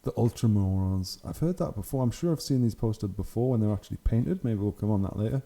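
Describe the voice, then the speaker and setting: A young man chats his way through hobby photos with plenty of laughs and easy enthusiasm. His voice is very dark and mellow and sits fairly low. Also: fast talker. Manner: chatty, enthusiastic, laughs often. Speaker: channel host. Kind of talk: casual commentary on hobby photos.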